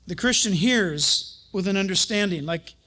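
A male pastor delivers a sermon with lively storytelling. He chuckles often and acts out the people he quotes. His voice is very high for a man. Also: normal speed. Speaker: pastor and Bible teacher.

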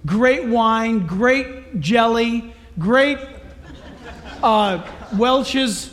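Humble, soft-spoken leader soothing angry men with flattery, high voice kept quiet as a man acts him out in a sermon. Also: extremely slow, big-room sound, full character voice.

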